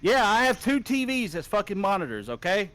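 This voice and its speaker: Man, sim racer, angry rant, heavy swearing, high lively voice, dry close sound. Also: fairly quick, no room sound. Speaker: sim racing driver. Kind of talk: profane post-race rant.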